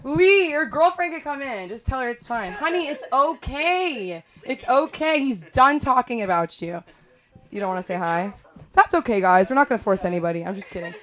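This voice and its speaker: A woman emceeing an open mic in a small comedy club, teasing the crowd quickly. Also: on the high side, lively intonation, a bit bright, slight background noise.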